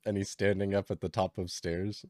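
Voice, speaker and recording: A man's voice: deep voice, little pitch movement, normal speed, darkish tone, dry recording, studio quality. A man co-hosting a podcast in casual chat, teasing and telling stories in a laid-back way. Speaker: podcast co-host.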